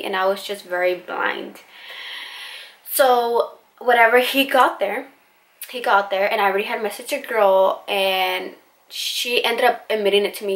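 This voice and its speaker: A woman's voice: medium pitch, a bit bright. Chatty, blunt young woman telling a story. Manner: chatty, blunt, lots of fillers and swearing. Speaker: vlogger. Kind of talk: casual storytime.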